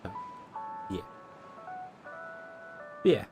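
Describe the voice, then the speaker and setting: A man's voice: very slow, music in the background. A tired man, thinking aloud with lots of fillers while streaming a game. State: tired, yawning. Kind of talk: casual gameplay commentary.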